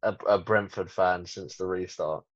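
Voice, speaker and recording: A man chatting on a football podcast, giggly, animated and sweary. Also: low-pitched, normal speed, dry recording. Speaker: podcast co-host. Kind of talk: casual chat. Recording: dry, slightly dull lo-fi sound.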